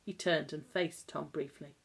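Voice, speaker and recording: A woman narrating a novel aloud in a measured, calm storytelling manner. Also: low-pitched, creaky, husky. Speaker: audiobook narrator. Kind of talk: scripted narration.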